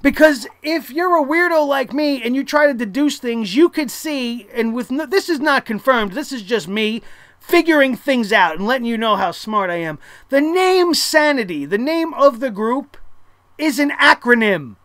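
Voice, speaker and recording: A wrestling show reviewer ranting in a casual, sarcastic way, blunt and swearing freely, with loud exasperated outbursts and laughter at their own jokes. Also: high voice, expressive, moderate pace, no echo.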